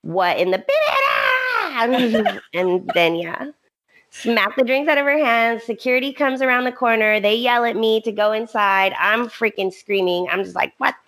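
A young woman co-hosting a podcast, telling a story in a casual, animated way, acting out what people said. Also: fairly high pitch, a little slow. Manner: animated storytelling with frequent laughs and quoted voices. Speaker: podcast co-host. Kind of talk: casual chat.

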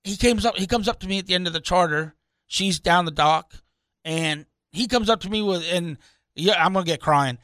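Bright high-voiced rambling fishing captain. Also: male voice, moderate pace, dry recording. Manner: rambling, animated, restarts with "anyhow". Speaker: fishing charter captain and show host. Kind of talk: casual radio storytelling.

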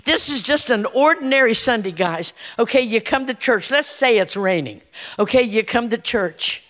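A woman's voice: fairly high pitch, very animated, moderate pace, fairly bright tone. Folksy woman preaching in an echoey church. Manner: folksy, emphatic, many "uh" restarts. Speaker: church speaker. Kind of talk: sermon. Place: church sanctuary.

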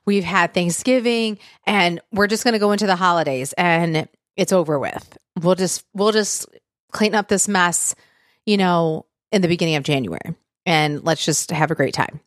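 Woman podcast host, low voice, tickly throat, chatty, dry close sound. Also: normal speed, no room sound. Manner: chatty, lots of "like" and "um". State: throat tickle, clearing throat and coughing. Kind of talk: casual motivational podcast monologue. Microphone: podcast mic.

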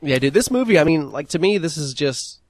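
A man's voice: fairly high pitch, expressive, a little fast, no echo. A man co-hosting a casual movie review podcast who laughs often and slips into put-on voices when quoting scenes. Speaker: podcast co-host.

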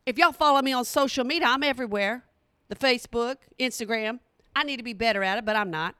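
A woman's voice: fairly high pitch, fast talker, sharp tone, clean tone, no room sound, studio quality. A middle-aged woman, talking bluntly and playfully straight to her audience in a casual comedic monologue. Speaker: vlogger.

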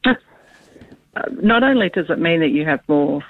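A woman's voice: low voice, lively intonation, moderate pace, dry recording. A woman academic speaking as a radio guest over the phone, thoughtful and hedging with frequent ums. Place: Queensland, Australia. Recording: tinny phone line.

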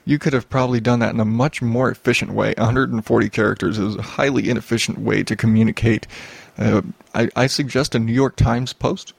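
A man's voice: mid-range voice, fairly even intonation, brisk, gravelly, slightly rough, no room sound. A young man hosting a solo podcast, ranting and rambling with lots of swearing and restarts. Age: young adult. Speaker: podcast host.

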